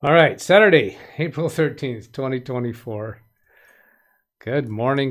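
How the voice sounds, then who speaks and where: A man's voice: mid-range voice, moderate pace. Chatty man hosting a live stream. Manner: chatty, greets viewers by name, light punning. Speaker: livestream tech help host. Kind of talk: casual live stream chat.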